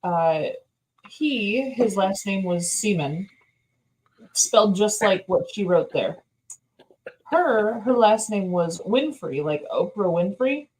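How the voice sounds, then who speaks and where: A woman's voice: mid-range voice, lively intonation, takes it slowly, darkish tone, poor audio. Chatty woman telling an anecdote. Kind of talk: casual chat, storytelling.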